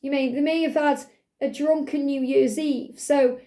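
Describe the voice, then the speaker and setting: A woman giving a channeled tarot love reading, gentle and reassuring, repeating herself with many "you know" fillers. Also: high-pitched, fairly even intonation, measured pace. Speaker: tarot card reader.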